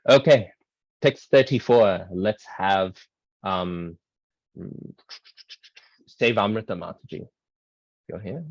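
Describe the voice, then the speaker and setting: Low-voiced man teaching an online class. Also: slow, pauses often, no echo, dull audio. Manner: explanatory, many ums and rights, asides. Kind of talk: casual online class lecture. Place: online video call.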